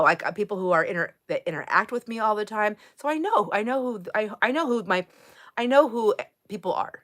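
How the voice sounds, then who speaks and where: A woman's voice: on the high side, fairly bright tone. A middle-aged woman hosting a casual live stream, chatty and laughing often as she talks with her viewers. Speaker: livestream host.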